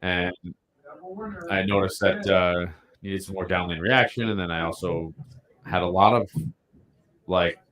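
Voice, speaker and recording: A man with a low voice co-hosts a casual podcast about bowling. He talks in a loose, rambling way, full of fillers, and laughs often. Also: steady tone, measured pace, long pauses, a bit bright. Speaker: podcast co-host.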